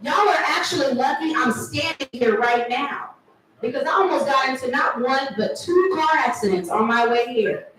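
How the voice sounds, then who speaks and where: High-voiced woman doing stand-up. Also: lively intonation, moderate pace, background noise. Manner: crowd work, playful and teasing. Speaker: stand-up comedian. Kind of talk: stand-up comedy set. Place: live comedy event venue. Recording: echoey room, from far off.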